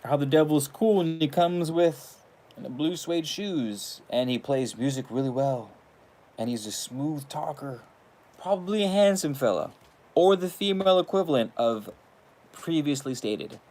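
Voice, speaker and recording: A man's voice: fairly high pitch, lively intonation, a little slow, darkish tone. A man hosting his channel in a casual, rambling monologue, swearing freely and laughing between thoughts. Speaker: channel host.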